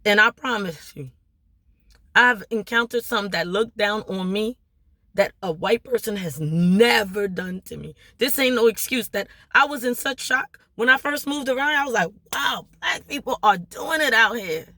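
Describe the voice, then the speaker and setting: Speaking at normal speed in a sharp, medium-pitched voice, this Maryland vlogger and small business owner delivers a fired-up pep talk in her local accent. The recording has no room sound. She preaches emphatically, firing off rhetorical questions and tagging them with "right?"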